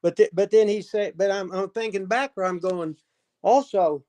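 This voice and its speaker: A man's voice: high-pitched, normal speed, a little mellow. Rambling older man, laughing and swearing. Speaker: former pro wrestler, guest. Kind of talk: casual storytelling chat.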